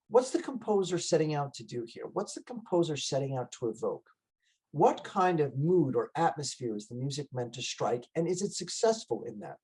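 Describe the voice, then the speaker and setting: Chatty male music lecturer, higher voice. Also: darkish tone, poor audio. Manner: conversational, many fillers and restarts. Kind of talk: casual lecture. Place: online library talk.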